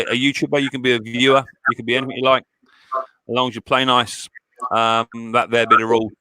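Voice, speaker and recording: A British man with a husky voice, chatting casually and rambling on a live stream from a small cold workshop shed. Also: medium pitch, flat delivery, fast, pushed and bright, no echo. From Britain. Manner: chatty, rambling with restarts and fillers. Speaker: live stream host, mower repairer. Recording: dry, close studio mic.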